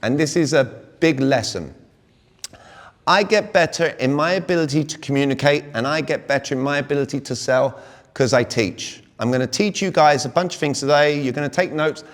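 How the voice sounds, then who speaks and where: A British communication coach, energetic and slightly high-voiced, gives a live seminar talk to a sales audience in a large, reverberant hall. He speaks at a moderate pace and peppers the crowd with rhetorical questions.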